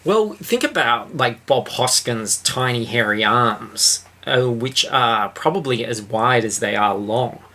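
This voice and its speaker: A man's voice: medium pitch, animated, measured pace, hardly any pauses, bright, forceful tone. A man hosting a podcast, chatting casually and jokily about a book and its film, with a lot of fillers. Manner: rambling, jokey, lots of fillers. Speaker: podcast host.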